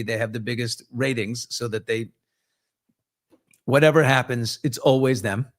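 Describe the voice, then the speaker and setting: A middle-aged man hosting a casual live morning talk show, blunt and sarcastic, now and then mimicking other voices. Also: medium pitch. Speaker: host.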